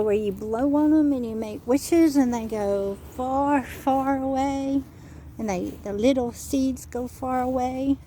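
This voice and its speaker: A woman walks outside and talks to children like a patient teacher, asking question after question and spelling words out one letter at a time. Her voice sits a little high, with a gravelly fry and a mellow tone. She takes her time with every phrase. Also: slight background noise. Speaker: children's educator. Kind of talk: nature walk talk for children. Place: outdoors on a walk.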